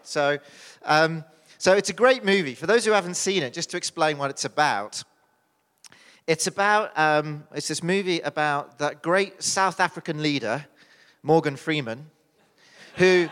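A man's voice: a little high, fairly bright tone. British male preacher, joking and loose, fillers and restarts, reverberant church hall. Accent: British English. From United Kingdom. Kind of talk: sermon.

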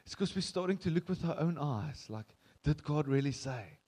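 A man's voice: a little high, animated, moderate pace, darkish tone, breathy edge. A man with a South African accent preaching a sermon as pastor, telling the story conversationally and acting out quoted voices.

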